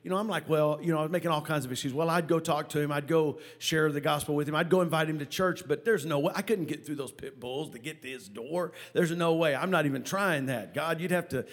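A pastor delivers a sermon in a fairly high voice, telling a personal story with lively energy. His animated storytelling stumbles into repeated words before surging ahead again.

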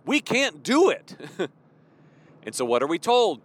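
Man, informal sermon, emphatic, repeats phrases, slightly high voice, very lively intonation. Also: a little slow, no echo. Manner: emphatic, repeats key phrases, casual fillers. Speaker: preacher.

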